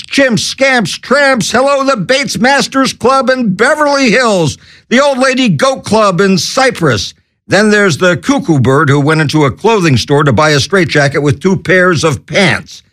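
A man with a high, wildly swooping voice hosts a comedy radio show. He works through wacky shout-outs and corny one-liners at an unhurried pace, breaking into manic yells. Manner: manic, wacky, cracking corny jokes and yelling. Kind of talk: zany comedy radio patter.

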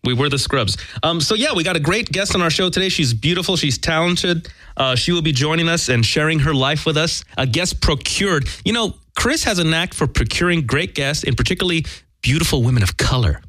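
A man's voice: on the high side, fairly quick, no room sound. A man co-hosting a casual radio talk show, joking and making fun of himself as he chats with his partner. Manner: animated, jokey, self-deprecating. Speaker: co-host.

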